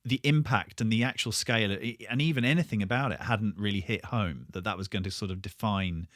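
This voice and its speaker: Brief: bandmate, very low voice, reflective and hesitant, dry close sound. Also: male voice, brisk, a bit bright, no echo. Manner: thoughtful, hesitant with ums. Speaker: band member. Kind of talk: reflective podcast chat.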